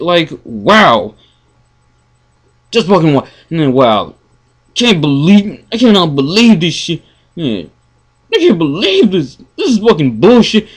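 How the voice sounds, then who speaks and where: A man ranting in a casual review, profane and exasperated, stammering and swinging from mumbling to yelling. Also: fairly high pitch, sing-song, slow, long pauses, breathy edge. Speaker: anime reviewer.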